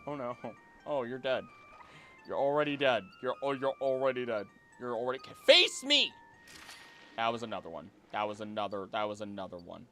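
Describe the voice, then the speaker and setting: A man chatting with his viewers while playing a video game, rambling and bursting into sudden excited reactions. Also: medium pitch, soft background music. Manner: animated, rambling, quick reactive outbursts. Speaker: game streamer. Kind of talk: live gameplay commentary to chat. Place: home, seated at a computer.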